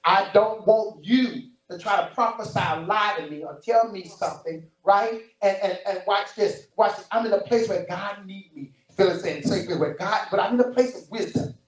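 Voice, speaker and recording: A male preacher giving an animated sermon, full of storytelling and repeated phrases. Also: sits high, normal speed, few pauses. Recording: roomy distant church recording.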